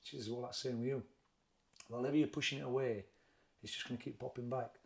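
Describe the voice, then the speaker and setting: A middle-aged man with a broad Sheffield accent speaks in a gravelly, mid-pitched voice. He talks plainly and haltingly, doubling back and repeating words as he recounts his story in an interview. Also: fairly even intonation. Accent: Sheffield, Yorkshire. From England. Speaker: boxing trainer, interview guest. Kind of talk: candid personal interview.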